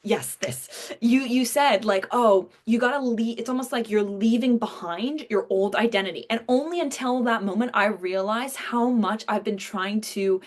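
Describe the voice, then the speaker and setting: A woman's voice: a little high, moderate pace, hardly any pauses. A woman hosting a podcast, thinking aloud in a reflective, rambling way with many fillers. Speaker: podcast host. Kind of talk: podcast conversation.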